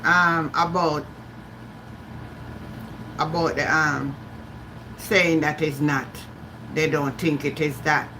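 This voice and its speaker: Bright-voiced Jamaican woman live-streaming. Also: low-pitched, fairly even intonation, takes it slowly, pauses often, a little hiss or hum, rough recording. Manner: chatty, greets viewers by name, slips into patois. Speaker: livestream host. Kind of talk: live-stream chat with viewers.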